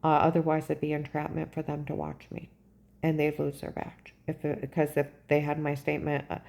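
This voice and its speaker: A woman telling a personal story in a rambling, agitated way, often pausing to ask "okay?" and trailing off. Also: low voice, monotone, creaky, a little mellow. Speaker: vlogger recounting a personal ordeal.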